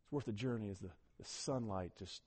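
A man preaching a sermon as pastor, telling stories animatedly and swinging from loud emphasis to a hushed near-whisper. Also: fairly low pitch, fairly quick, breathy edge. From Ohio.

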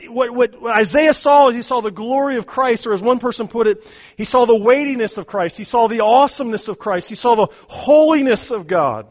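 Male pastor with a high voice, impassioned and repetitive; he drops to a hush and then builds to a shout. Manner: impassioned, swings from hushed to shouting; repeats words as he restarts phrases. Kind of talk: sermon.

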